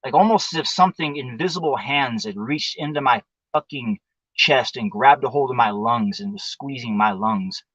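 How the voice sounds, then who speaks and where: A man's voice: medium pitch, moderate pace, a bit bright, no echo, muffled recording. A man hosting a livestream show, telling a rambling, profane story in a casual monologue. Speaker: show host. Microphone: livestream mic.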